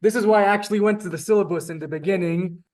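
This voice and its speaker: Male teacher, casual and talky, a bit high-pitched, video-call sound, lots of ums and restarts. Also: fast, low-quality recording. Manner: relaxed, chatty, many fillers and restarts. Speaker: Hebrew teacher. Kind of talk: casual online class teaching.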